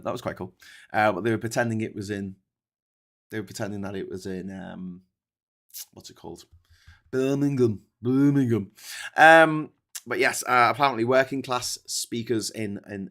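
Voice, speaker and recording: A man's voice: on the low side, fairly bright tone. A man with a Scouse accent from Liverpool hosting a casual news commentary show, chatty and opinionated, with many fillers and restarts. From Liverpool, England. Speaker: host.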